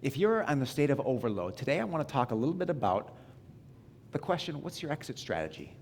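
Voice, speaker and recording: A man's voice: mid-range voice, sing-song, fast, darkish tone, a little hiss or hum. A man preaching a sermon as a pastor in a church, talking in a conversational, self-deprecating way with restarts and asides to the congregation. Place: church sanctuary.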